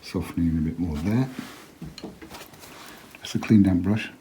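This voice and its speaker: Soft-spoken man teaching watercolour. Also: low voice, measured pace, slight background noise. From England. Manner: quiet, chatty, drops to a murmur while working. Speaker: watercolour painting tutor. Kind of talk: relaxed painting demonstration.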